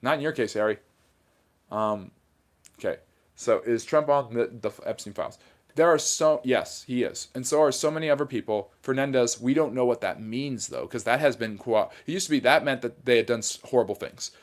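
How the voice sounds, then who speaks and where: Reading his chat aloud on a casual livestream, a man answers viewers in a straightforward, mildly sarcastic, somewhat argumentative way. He has a mid-range voice and talks at a normal speed.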